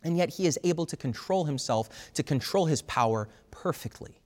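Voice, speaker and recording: Man, preacher, earnest, halting restarts, fairly high voice, long hall reverb. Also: expressive, a little mellow. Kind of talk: sermon.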